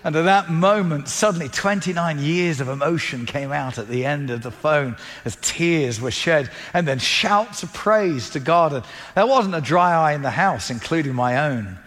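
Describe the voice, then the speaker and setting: A man's voice: a little high, expressive, normal speed, a bit bright, big-room sound. A man preaching a sermon, telling a story with animation and acting out the dialogue.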